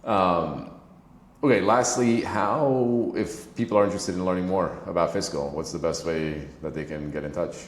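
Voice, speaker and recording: Deep-voiced man hosting a podcast. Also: moderate pace, echoey room. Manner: rambling, thinks aloud with restarts. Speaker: podcast host. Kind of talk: conversational interview.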